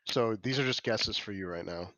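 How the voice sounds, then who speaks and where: A man's voice: lowish voice, moderate pace, a bit bright, lo-fi sound, a little hiss or hum. A man running a tabletop game as game master, describing scenes with many restarts and fillers. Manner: rambling, self-correcting descriptions.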